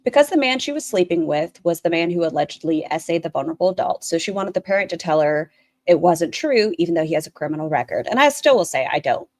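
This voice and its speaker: A woman's voice: lowish voice, lively intonation, quick pace, darkish tone, no room sound. A woman streamer giving blunt, opinionated commentary while reacting to another stream and talking to her chat.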